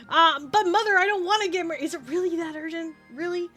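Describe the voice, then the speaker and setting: A woman's voice: very high-pitched, fast talker, fairly bright tone, soft background music. A woman streamer from Canada chatting casually through a game, giggling often and swearing freely. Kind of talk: casual gaming stream chat.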